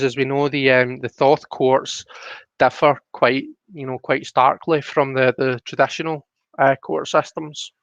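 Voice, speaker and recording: A Scottish man explaining tarot cards on a live stream in a chatty way, often pausing with "you know" and restarting his sentences. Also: medium pitch, dry recording. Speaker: tarot reader on a livestream. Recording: dull lo-fi stream audio, dry.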